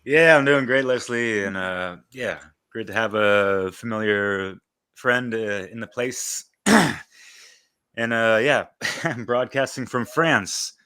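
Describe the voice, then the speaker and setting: A man's voice: on the low side, slow pace, sharp tone, clean tone, no echo, studio quality. A man hosting a podcast interview, joking loosely and cursing casually while he introduces his guest. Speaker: podcast host. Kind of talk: casual chat. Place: broadcasting remotely.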